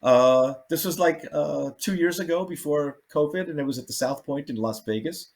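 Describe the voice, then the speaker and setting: An older man, a comedian, telling stories in a casual chat and acting out the people he quotes. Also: normal speed. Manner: animated, acts out quotes with big jumps in pitch. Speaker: comedian guest.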